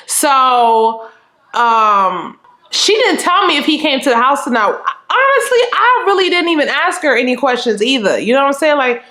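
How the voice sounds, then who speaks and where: A young woman with a Southern US accent telling a story in casual, animated vlog talk, often checking in with "you know what I'm saying.". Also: a little high, echoey room. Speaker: storytime vlogger.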